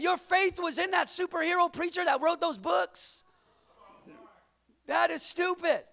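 A man preaching a lively sermon, shouting at the peaks and calling on the congregation to answer back. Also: very high voice, gravelly. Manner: energetic, shouting at peaks, call-and-response. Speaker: pastor.

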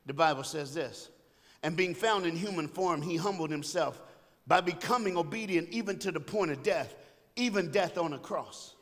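A man preaching an energetic sermon, calling out to the crowd and getting them to repeat lines back. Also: on the high side, normal speed. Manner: loud, exhorting, call-and-response. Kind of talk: energetic call-and-response sermon. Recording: long hall reverb, faint ambience.

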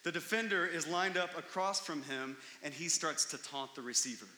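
Pastor, male, high and very bright voice, animated preaching, echoey hall with long reverb. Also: moderate pace. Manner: animated storytelling, rising to excited emphasis. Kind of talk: sermon.

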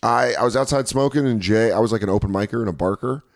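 A male comedian telling stories in casual podcast chat, riffing and breaking into quick impressions. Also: lowish voice, creaky. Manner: animated storyteller, riffs and does quick impressions. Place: podcast studio. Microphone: studio podcast mic.

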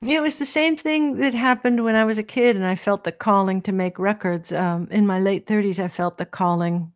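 A woman's voice: medium pitch, no room sound. Older woman explaining in a dry room. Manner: measured, teacherly explaining. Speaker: guest, professor of psychoacoustics. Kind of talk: explanatory interview talk.

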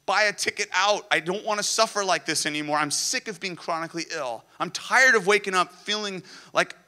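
A man preaching an Easter sermon in a church, with a voice that sits a little high for a man and rings bright and forceful. He speaks conversationally and puts questions to the congregation. He mixes dry sarcasm with emotional urgency. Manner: grows emotional and urgent when telling personal stories. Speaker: pastor.

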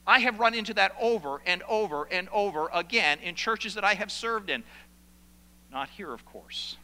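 A man's voice: high voice, animated, normal speed, pushed and bright, in a large hall, rough recording. A man preaching a sermon as pastor, animatedly acting out the complaints of church members.

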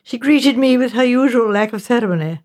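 A woman reading an audiobook narration in a crisp, measured storytelling manner. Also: on the high side, lively intonation, a little mellow.

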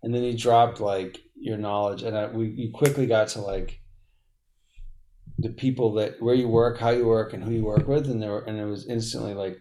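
A man in his forties from Boston, a podcast guest telling stories in a blunt, profane, animated way. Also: fairly low pitch, normal speed. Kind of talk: casual storytelling.

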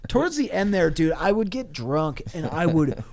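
A man with a somewhat high voice tells a profane, rambling story in a relaxed podcast chat. He laughs through his own lines and jumps between loud, excited bursts and low, muttered asides. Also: normal speed, gravelly, crowd noise. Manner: profane, laughing anecdotal delivery. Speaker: podcast co-host. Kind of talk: casual comedic storytelling.

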